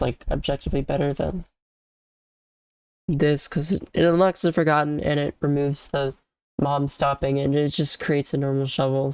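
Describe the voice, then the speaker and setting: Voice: mid-range voice, a little mellow, clear, resonant tone, no echo. A sick, congested and tired streamer giving casual, rambling commentary on a video game, often trailing off and restarting sentences.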